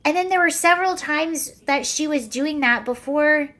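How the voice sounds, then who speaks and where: A woman's voice: high voice, moderate pace, sharp tone. A young woman hosting a casual livestream, chatting sarcastically, laughing often and answering viewer comments. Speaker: livestream host.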